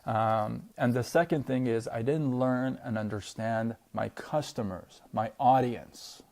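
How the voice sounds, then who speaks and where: A man's voice: mid-range voice, measured pace, creaky, darkish tone. A man telling a personal story to camera in a loose, chatty way, full of fillers and tag questions. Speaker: vlogger.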